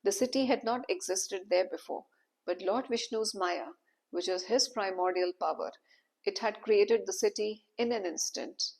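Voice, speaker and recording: A woman's voice: medium pitch, moderate pace, gravelly, a little mellow. A woman narrating a devotional story with dramatic, emphatic delivery.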